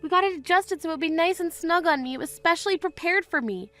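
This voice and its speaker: A woman's voice: very high voice, fast talker, fairly bright tone, faint music behind. A woman voicing a young bride in a text-message story, firm and indignant toward her sister-in-law. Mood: upset.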